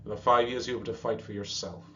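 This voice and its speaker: A man voicing an old male seal father who gives calm, practical advice, read aloud in a storybook. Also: fairly low pitch, fast, dull audio, a little hiss or hum. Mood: advising.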